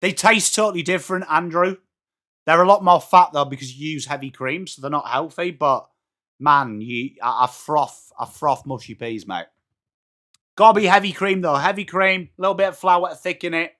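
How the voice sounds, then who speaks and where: An Englishman with an English accent hosts a live sports watchalong, his voice on the high side at a normal speed. Between calls of the play, he chats excitably with his viewers.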